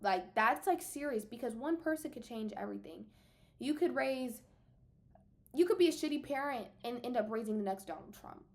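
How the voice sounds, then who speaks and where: A woman's voice: on the high side, expressive, moderate pace, gravelly, darkish tone. A young adult woman venting casually to her viewers, emphatic and exasperated, talking straight to the camera. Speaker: vlogger.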